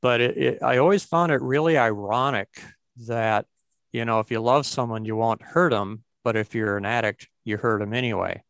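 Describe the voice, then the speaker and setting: A man's voice: medium pitch, moderate pace, fairly bright tone, clean tone, dry recording. A man hosting a conversation about recovery, speaking reflectively and restarting his sentences often.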